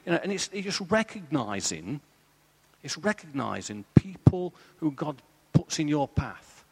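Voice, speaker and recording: Husky man in a church hall. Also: a little high, measured pace. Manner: earnest, storytelling, animated. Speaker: church panel guest. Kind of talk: live church testimony talk.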